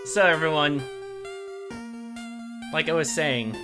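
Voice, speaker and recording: A man's voice: fairly high pitch, takes it slowly, over music. Chatty man narrating his gameplay. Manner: chatty, reacting as he plays. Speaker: gaming channel host. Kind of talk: casual let's-play commentary.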